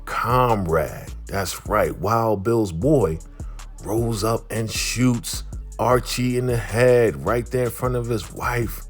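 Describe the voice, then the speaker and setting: A man's voice: medium pitch, slow, soft background music. A man vlogger giving a chatty, streetwise recap of a TV episode. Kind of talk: casual recap.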